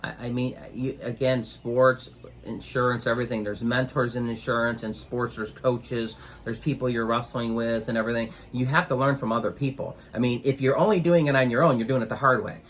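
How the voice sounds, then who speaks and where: A man giving business advice as an interview guest, rambling with many pauses and filler sounds as he tells a motivational story. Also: medium pitch, slight background noise. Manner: rambling, many ums, grows animated when retelling.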